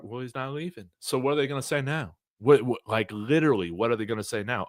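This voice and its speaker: A man hosting a college football fan livestream, talking in an excited, brash, trash-talking way. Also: mid-range voice, quick pace, hardly any pauses, no echo, studio quality.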